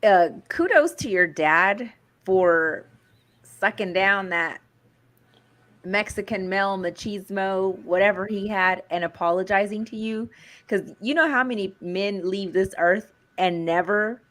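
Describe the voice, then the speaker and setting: A woman's voice: mid-range voice, measured pace, fairly bright tone. A woman co-hosting a casual chat show, chatty and supportive toward her co-host.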